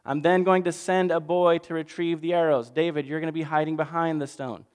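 Casual male pastor, slightly high, smooth voice, big reverb. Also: steady tone, brisk. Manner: casual, jokey, swings from loud to hushed. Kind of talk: animated storytelling sermon.

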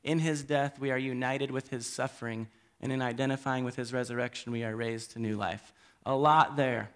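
A man preaching a sermon to his church, speaking in an earnest, halting way and pleading gently with his listeners. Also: medium pitch, steady tone, clear, resonant tone. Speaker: pastor. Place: church hall.

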